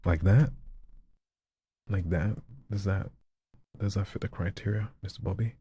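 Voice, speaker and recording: Very deep, dark male voice-over reader. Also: steady tone, husky, dry recording, clean studio sound. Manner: reads in a slow, hushed, dramatic delivery, often sliding into a whisper; chats to viewers in between reads, quicker and louder. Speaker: voice actor reading viewer requests on a livestream. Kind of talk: live practice reading of viewer scripts, mixed with casual chat.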